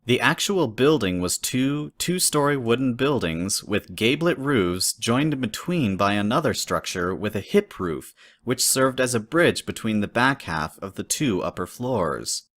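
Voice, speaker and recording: A man narrating a fanfic horror story in a steady, measured way. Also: medium pitch.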